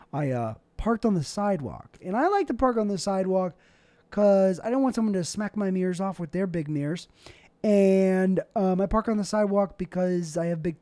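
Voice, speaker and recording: Young male host, mellow warm voice, dry close sound, rambling and self-mocking monologue. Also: high voice, dry recording. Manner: rambling, self-deprecating, jokey. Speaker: show host. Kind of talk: casual solo vlog monologue. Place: indoors at home, his bedroom.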